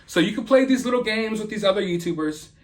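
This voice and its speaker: Southern US accent, man, high-pitched, heated confrontational rant, repetitive commentary. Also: lively intonation, quick pace. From American South. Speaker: YouTube commentator.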